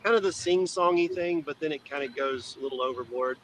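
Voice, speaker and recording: A man talking casually as a guest, telling relaxed, folksy stories. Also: a little high, brisk, a little hiss or hum, low-quality recording. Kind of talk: casual chat.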